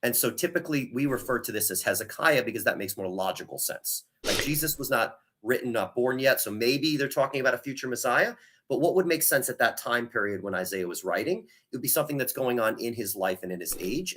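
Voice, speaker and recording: A man in a live online religious debate, talking fast with many restarts and hedges. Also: mid-range voice, animated, fairly bright tone. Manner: fast, hedging, many restarts and "right?" tags. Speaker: debate participant.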